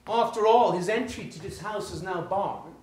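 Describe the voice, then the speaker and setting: A man's voice: high-pitched, moderate pace, darkish tone, lightly acted. An actor playing a cold, sarcastic middle-aged husband confronting his wife, with a clipped, formal and mocking delivery in a stage play. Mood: menacing. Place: theater stage. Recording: roomy theater, faint noise.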